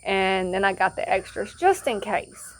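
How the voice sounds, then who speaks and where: A woman's voice: mid-range voice, lively intonation, a little slow. A woman sharing a personal testimony outdoors, rambling through her story with frequent fillers and restarts. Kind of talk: casual spoken testimony. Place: outdoor campsite.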